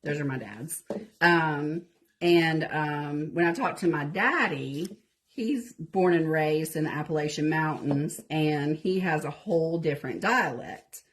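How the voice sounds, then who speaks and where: A woman's voice: low-pitched, a little slow. A woman with a Southern US accent hosting a casual craft live stream, chatting folksily with viewers while she works on a project. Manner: chatty, folksy, says y'all a lot. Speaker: craft show host.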